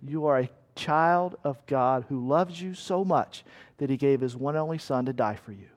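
A man's voice: mid-range voice, normal speed. A male pastor preaching a sermon in an earnest, emphatic way, often asking rhetorical questions. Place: church meeting room.

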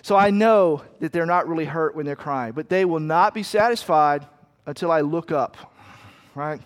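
A middle-aged man delivers a sermon in a loose, conversational way, turning to the congregation with asides and little acted quotes. His voice sits fairly high for a man. The sound rings with a long reverb, like a large hall. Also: moderate pace. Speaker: pastor.

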